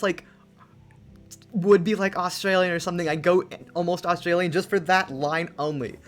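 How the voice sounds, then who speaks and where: A woman streaming a game, chatting excitedly with quick jokes and asides over soft music. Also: on the low side. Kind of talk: casual let's-play chat. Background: soft lofi music.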